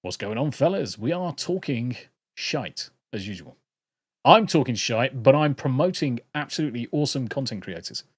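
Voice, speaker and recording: A man's voice: medium pitch, expressive, moderate pace, husky, no room sound. British man, livestream host, rambling, jokey, swearing, dry close mic. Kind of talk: casual livestream chat.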